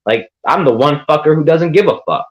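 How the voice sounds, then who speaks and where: A man's voice: a little high, lively intonation, brisk, muffled recording. A man ranting defiantly on a livestream, profane and rambling. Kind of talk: livestream rant.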